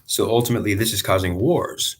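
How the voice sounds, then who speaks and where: Husky, low-voiced man rambling on spirituality. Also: a little fast. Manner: rambling, repetitive, with restarts. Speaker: spiritual channeler. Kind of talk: unscripted spiritual monologue.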